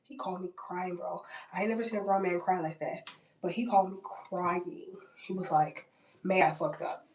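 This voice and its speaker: A woman's voice: lowish voice, moderate pace, darkish tone, slight background noise. Chatty young woman, far from the mic. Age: 20s. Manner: chatty and blunt, heavy on "like" and swearing. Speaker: vlogger. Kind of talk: casual storytime vlog. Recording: roomy, distant from the mic.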